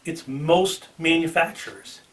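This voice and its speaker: A man's voice: fairly high pitch, measured pace, a bit bright, recorded from a distance. A man with a Boston accent hosting a car channel, talking casually to the camera with ums and restarts. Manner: chatty, with filler ums and restarts.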